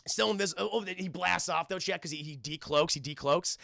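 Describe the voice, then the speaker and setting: A man streaming a casual recap of a cartoon episode, excitable, swearing often and restarting his sentences as he talks to his chat. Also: sits high, a little fast, vocal fry, no echo, studio quality.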